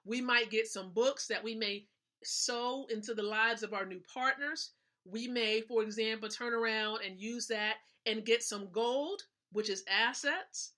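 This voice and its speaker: A woman's voice: fairly high pitch, measured pace, bright, forceful tone. A woman hosting a live stream, giving a motivational business talk in an emphatic way, repeating her points and checking in with her listeners. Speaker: livestream host.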